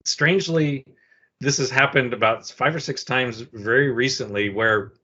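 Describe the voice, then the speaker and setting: A man on a panel over a video call who talks haltingly, pausing and restarting as he works through his point. His voice sits in a middle pitch, and the call audio sounds dull and lo-fi. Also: pushed and bright, slightly rough. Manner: hesitant, many ums and restarts. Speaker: panelist, consultant. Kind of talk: online panel discussion.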